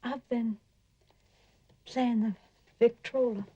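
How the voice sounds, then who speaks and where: Timid fragile young woman, 1950s film, husky breathy voice, dry dull soundtrack. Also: on the high side, steady tone, takes it slowly, warm tone, no echo. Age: young adult. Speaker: shy daughter.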